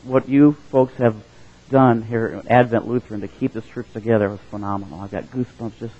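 A man preaching a sermon as pastor, talking conversationally with chuckling asides and rising to loud, dramatic quotes of scripture. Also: medium pitch, steady tone, brisk. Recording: dull lo-fi sound.

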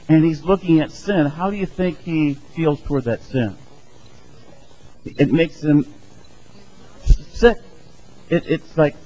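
A male pastor delivers a sermon in a relaxed, conversational way. His speaking voice sits a bit high for a man, and he often acts out short quoted exchanges in lively put-on voices. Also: poor audio.

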